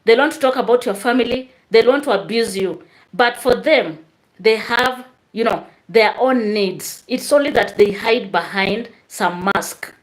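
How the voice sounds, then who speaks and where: A woman's voice: on the high side, measured pace. A woman hosts a live stream, reading out viewer comments and chatting straight to her viewers.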